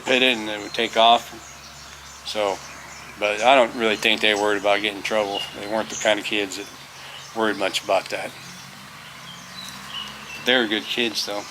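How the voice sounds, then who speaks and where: A middle-aged former teacher with a lowish voice tells a rambling, folksy story outdoors on a farm. His casual storytelling is full of fillers and restarts, with background noise audible.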